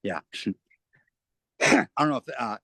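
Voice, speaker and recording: Gravelly-voiced man rambling earnestly. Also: medium pitch, sing-song, slow, pushed and bright, no room sound. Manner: rambling, earnest, repeats and restarts phrases. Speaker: interview guest. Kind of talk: casual spoken interview.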